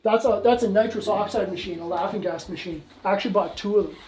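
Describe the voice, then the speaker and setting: Showing guests his collection, a museum owner from Canada tells stories in a fast, high, darkish voice. It's a casual, rambling tour packed with fillers and restarts, captured on poor audio.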